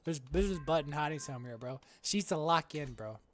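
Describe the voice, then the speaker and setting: A man's voice: a little high, animated, fairly quick, slight background noise. A young man giving casual, joking gameplay commentary and calling everyone "bro" in slang. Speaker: let's play gamer.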